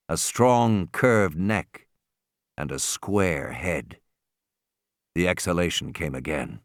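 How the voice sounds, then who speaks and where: Lively male audiobook narrator, dry studio. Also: low-pitched, dry recording. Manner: energetic, lively storytelling.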